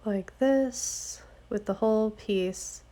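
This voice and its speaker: A woman with a stuffy, congested voice from a cold, giving a relaxed, chatty craft tutorial with step-by-step explanations. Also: mid-range voice, slow pace. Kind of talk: casual step-by-step tutorial narration.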